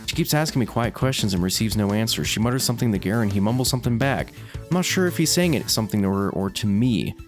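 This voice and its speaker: A man's voice: on the low side, animated, fast, faint music behind. A man reading a visual novel's first-person narration aloud as a let's play host, with small stumbles.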